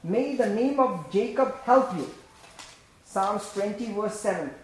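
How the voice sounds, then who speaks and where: A man preaches a sermon with a fairly high voice that swings from loud, emphatic bursts to quiet, low asides, laughing now and then. The sound is heavily echoey, as in a large church hall. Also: animated, measured pace, a little hiss or hum.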